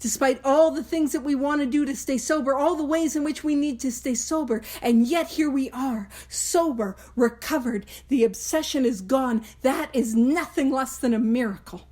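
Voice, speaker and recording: A woman hosting a study podcast leads her group in casual study talk, earnest and emphatic with playful asides. Her voice is high-pitched and a little mellow, at normal speed with few pauses.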